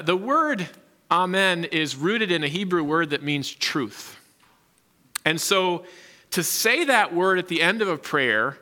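A man's voice: a little high, bright, forceful tone. A man preaching a sermon, reading scripture and teaching earnestly with emphasis. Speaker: pastor. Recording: reverberant hall.

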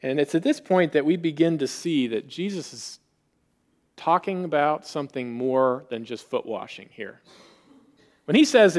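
A man preaching a sermon in an animated way, acting out quoted voices with rising emphasis. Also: medium pitch, a little slow. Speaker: pastor.

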